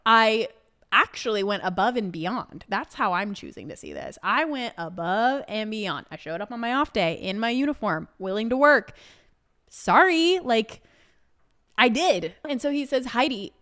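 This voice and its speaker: A young adult woman hosting a solo podcast, telling a story in a casual way, swearing and saying "like" and "literally" often. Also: moderate pace. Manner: animated, acts out quoted people with big pitch jumps. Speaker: podcast host.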